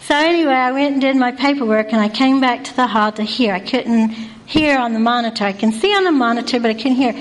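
A woman who works night staff at a youth residence tells an animated personal story, acting out the people in it. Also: a little high, quick pace, rough recording. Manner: animated, conversational, acts out voices.

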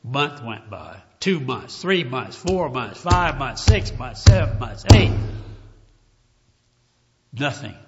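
A man preaching a sermon with emotion, calling his listeners "dear ones" and swinging from hushed talk to loud cries. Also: mid-range voice, sing-song, slow pace, pauses often, over loud music. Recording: dull lo-fi recording, long hall reverb.

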